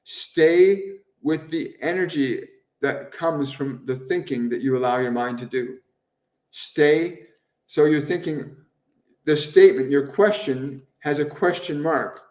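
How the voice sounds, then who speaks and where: A gentle, earnest man with a slightly raised pitch speaks a little away from the mic in a roomy, echoing space. He repeats his phrases over and over for emphasis as he answers viewers on a live stream, with the occasional soft laugh. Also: slow, recorded from a distance. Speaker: spiritual medium hosting a live stream. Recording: roomy echo, voice somewhat off-mic.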